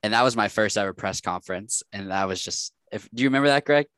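A man with a lowish voice co-hosts a sports podcast. He tells stories with energy and laughs easily. The mic is close and dry. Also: fast, smooth, dry recording. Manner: animated storyteller, laughs often. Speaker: sports reporter co-host. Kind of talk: casual sports chat.

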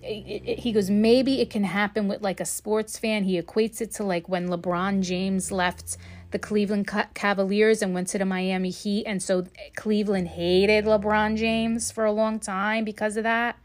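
A woman's voice: mid-range voice, level tone, normal speed. A woman hosts a casual commentary podcast from home. She is blunt and swears freely, addressing her listeners directly as if chatting with a friend. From United States. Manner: blunt, heavily profane, talks straight to the listener. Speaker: podcast host.

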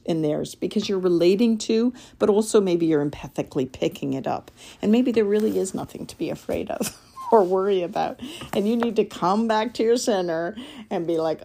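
A woman hosting a casual spoken podcast as an energy healer, chatty and animated, laughing often. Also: lowish voice, fairly quick, vocal fry.

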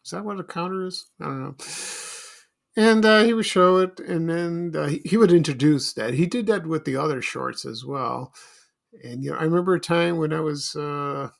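Gravelly man rambling on his podcast. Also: fairly high pitch, moderate pace. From Chicago, USA. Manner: rambling and nostalgic, many fillers and restarts. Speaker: podcast host. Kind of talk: casual solo podcast monologue.

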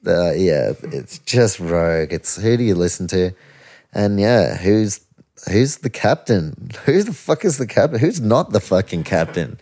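Low-voiced man ranting casually. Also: very animated, measured pace, dark tone. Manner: ranting, swearing, incredulous. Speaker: podcast host. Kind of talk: casual sports chat.

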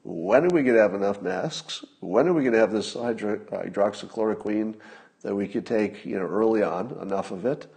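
A man's voice: fairly low pitch, normal speed, vocal fry, a little mellow. Male commentator, casual monologue, ranting and profane. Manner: conversational with fillers and restarts. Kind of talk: angry monologue.

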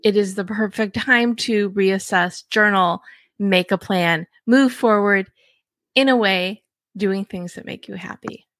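A woman's voice: medium pitch, a little slow, a bit bright, no room sound. A woman hosting a podcast, talking enthusiastically in a casual conversation and often restarting her sentences. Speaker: podcast host.

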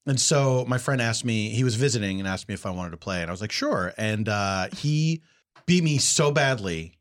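A man telling a story in casual podcast chat, animated, leaping up in pitch for mock outrage. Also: normal speed. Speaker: guest.

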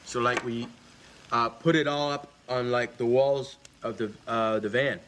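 A man's voice: mid-range voice, fairly even intonation, unhurried, fairly bright tone, a little hiss or hum, lightly acted. A man playing a rambling Canadian show host. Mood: rambling chat. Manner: rambling, full of "like" and "right?". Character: dim-witted young Canadian man co-hosting a cheap show. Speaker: comedy sketch character.

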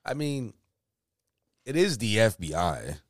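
A man's voice: lowish voice, takes it slowly, no echo, studio quality. A man co-hosting a podcast, telling stories in a loose, slangy way and acting out the voices of the people he quotes. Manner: animated storyteller, slangy, acts out quotes in shifting voices. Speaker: podcast co-host. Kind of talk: casual chat, storytelling.

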